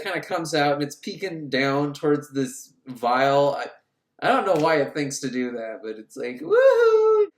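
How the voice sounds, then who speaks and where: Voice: medium pitch, a bit bright, echoey room. A podcaster recapping a film in a rambling, joking way, often breaking into laughter. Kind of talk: comic movie recap.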